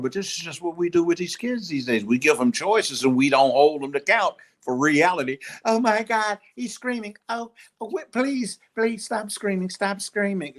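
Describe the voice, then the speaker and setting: A man's voice: on the high side, a bit bright. Blunt profane man, telling a story. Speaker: judge, show guest. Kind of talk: opinionated talk show chat.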